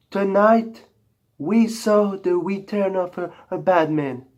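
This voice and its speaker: Very slow French-accented man, playful. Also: high-pitched, a little mellow. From France. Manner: slow, deliberate, mock-sweet delivery with comic outbursts. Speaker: wrestling video reviewer. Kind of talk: playful parody talk-show intro.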